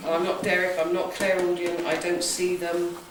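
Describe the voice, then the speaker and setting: A woman's voice: lowish voice, little pitch movement, moderate pace, noisy background. A woman with a West Country accent hosting a ghost hunt as a psychic, briefing a group in a chatty, jokey way and checking in with "okay?". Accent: West Country English. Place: large echoey room in an old building. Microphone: camera from a distance. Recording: echoey room recorded from far off.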